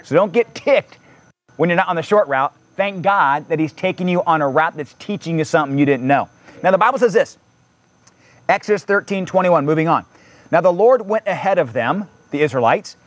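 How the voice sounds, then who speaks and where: A man's voice: on the high side, no echo. A man preaching a sermon in a conversational way, reading scripture aloud and adding casual asides. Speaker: pastor.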